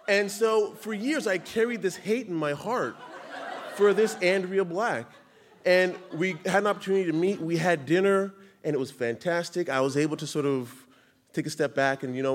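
A man telling a personal story on stage, animated, laughing through his lines and acting out what others said. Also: on the high side, normal speed, a little hiss or hum. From Canada. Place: live stage event.

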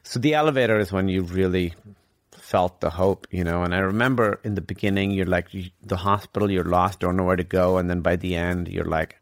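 A man guest in an interview, telling a personal story in an earnest, reflective way with halting restarts. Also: low voice, no echo.

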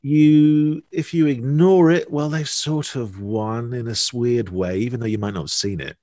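A man's voice: mid-range voice, steady tone, normal speed, warm tone, no room sound, clean studio sound. A man telling stories in a rambling, playful podcast chat. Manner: rambling, chatty storyteller with fillers and playful asides. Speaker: podcast guest. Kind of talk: casual conversation.

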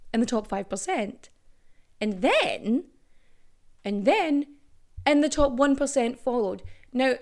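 A woman's voice: fairly high pitch, creaky, a little mellow. Chatty, sweary woman hosting a podcast. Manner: chatty, swears freely, jokey asides. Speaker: podcast host. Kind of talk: casual solo podcast monologue.

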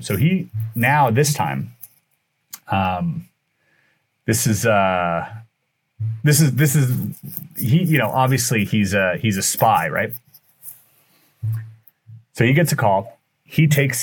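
A man's voice: fairly low pitch, husky. A man, a podcast guest, telling a long story in casual chat, acting out what people said. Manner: animated, acts out quoted dialogue; loose, with fillers and restarts.

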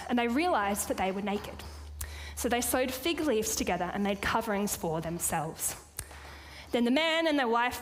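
High-voiced woman preaching in a hall. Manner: playful, chatty asides to the audience. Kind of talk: sermon. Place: church or hall with a live audience. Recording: long hall reverb.

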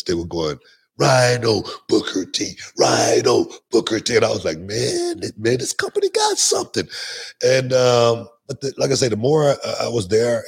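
A middle-aged man, a guest on a podcast, telling stories in a lively way and often repeating his words. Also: fairly low pitch, slightly rough. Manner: animated storyteller, repeats words, quick restarts. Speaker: guest, former wrestler. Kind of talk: casual podcast interview storytelling.

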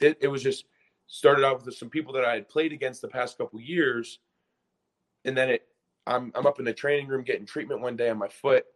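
A young man from Pennsylvania, a former college basketball player, telling a story in a casual podcast interview, excited and rambling, acting out quotes. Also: mid-range voice. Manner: excited, rambling, full of restarts and acted-out quotes.

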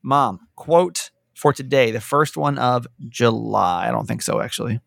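A man co-hosting a casual radio talk show, chatting with lively emphasis and acting out the voices he quotes. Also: medium pitch, measured pace, vocal fry, no echo. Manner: animated, acts out quoted voices. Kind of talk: casual on-air chat.

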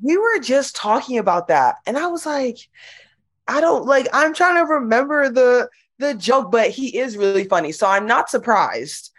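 A woman's voice: a little high, normal speed. A young woman, a college basketball player, chatting casually as an interview guest with lots of "like". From United States. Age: young adult. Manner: chatty, lots of "like", animated retelling.

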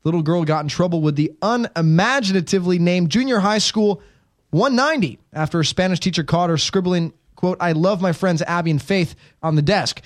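Brief: male talk host, higher-pitched voice, wry jokey delivery. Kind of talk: casual podcast chat.

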